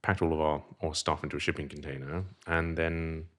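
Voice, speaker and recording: A middle-aged man with a posh English accent, originally from Zimbabwe, telling rambling, animated stories as a podcast guest. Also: extremely low pitch, fairly quick. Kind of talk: casual interview chat.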